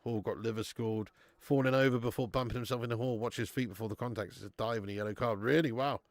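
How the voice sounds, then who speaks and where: A man hosting a live football stream from home, chatting loosely and swearing freely as he thanks viewers by name. His voice sits at an ordinary middle pitch. The sound is close and dry, with no room echo. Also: fairly even intonation, quick pace. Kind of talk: casual live watch-along chat.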